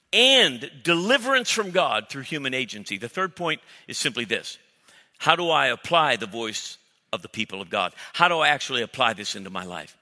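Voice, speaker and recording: A middle-aged male pastor preaching a sermon in a blunt, emphatic way, breaking into loud acted-out exchanges. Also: mid-range voice. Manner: emphatic, blunt preaching with sudden loud mock-dialogue bursts. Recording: reverberant hall.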